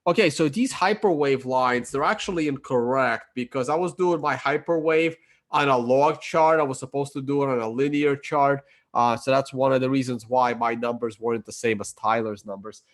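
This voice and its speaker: A man talking casually through market charts on his screen, halting with fillers and self-corrections, his voice a little worn and croaky. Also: mid-range voice. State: losing his voice, clearing his throat. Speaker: crypto chart analyst.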